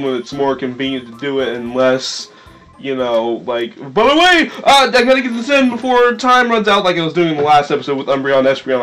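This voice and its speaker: Animated rambling let's-play guy. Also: fairly high pitch, rough recording. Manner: rambling, animated, self-deprecating. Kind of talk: casual gameplay commentary. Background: faint video game music.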